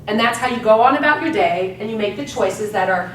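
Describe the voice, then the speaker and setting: A woman's voice: mid-range voice, expressive, fairly quick, hardly any pauses, fairly bright tone. A woman giving a live motivational seminar talk to an audience, speaking emphatically and energetically and often checking in with "right?". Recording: echoey room, distant mic, faint background hum.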